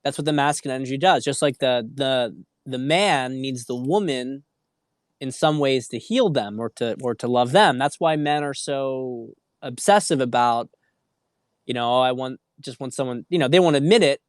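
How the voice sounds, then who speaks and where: A man's voice: mid-range voice, normal speed, no room sound, clean studio sound. A man hosting a dating livestream, speaking in an earnest, preachy way with frequent restarts. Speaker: dating coach. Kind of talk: livestream talk.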